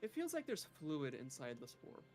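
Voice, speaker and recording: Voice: medium pitch, wildly swooping pitch, normal speed, a little mellow. A player describing their character's moves in a chatty, musing way, full of fillers. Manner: chatty, musing, heavy use of "like". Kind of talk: casual tabletop play.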